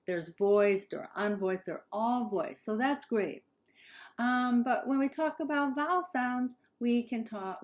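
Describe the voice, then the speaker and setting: Woman, Southern Californian accent, English pronunciation teacher, unhurried and careful, demonstrates sounds for learners to repeat. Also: a little high, darkish tone. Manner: slow, careful, models sounds for repetition. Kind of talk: pronunciation lesson.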